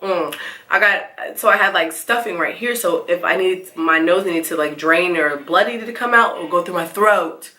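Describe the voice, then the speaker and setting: A young woman telling a storytime vlog, animated and laughing, acting out the quotes in squeals. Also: on the low side, normal speed, echoey room. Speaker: vlogger. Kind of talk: casual storytime.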